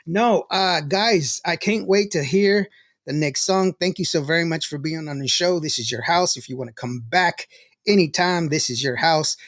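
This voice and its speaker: A man's voice: a little high, moderate pace, fairly bright tone, no echo, studio quality. A male show host in casual on-air chat who laughs often, reads out listener greetings and tells stories.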